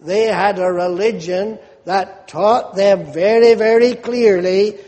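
A man preaching with a high voice and a slow, deliberate pace, leaning hard on key words and rising into animated questions. The sound carries a long hall reverb. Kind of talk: sermon.

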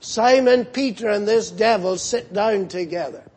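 A man's voice: sits high, a little slow, darkish tone, breathy edge. A man preaching a sermon, emphatic and repeating key phrases for weight.

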